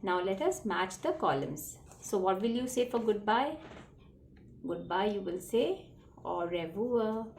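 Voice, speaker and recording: A woman's voice: medium pitch, expressive, unhurried, darkish tone. A woman teaching a children's French lesson, patiently repeating phrases and spelling words out letter by letter. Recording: echoey room, faint background noise.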